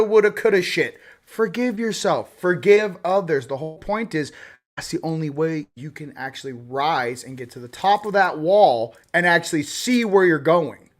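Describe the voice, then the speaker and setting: A man in his forties hosting a casual spiritual talk, rambling and animated, sometimes swearing. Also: on the high side. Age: 40s. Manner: rambling, animated, swearing, acts out quoted voices.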